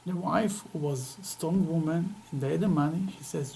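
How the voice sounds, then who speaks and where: A man, a rabbi teaching a weekly Torah class, telling an animated story that is sprinkled with Yiddish and Hebrew words. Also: on the high side, normal speed, creaky, a little hiss or hum, low-quality recording.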